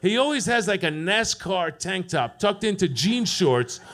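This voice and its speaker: Man, stand-up comic, high voice, deadpan, profane, teases the crowd, comedy club stage. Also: unhurried. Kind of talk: open mic stand-up set.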